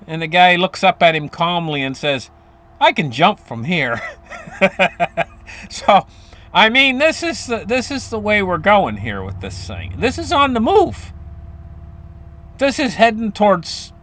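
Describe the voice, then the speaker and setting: Animated high-pitched man explaining finance. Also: unhurried, long pauses. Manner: animated, rambling with restarts and chuckles. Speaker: finance commentator. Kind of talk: casual explainer to viewers.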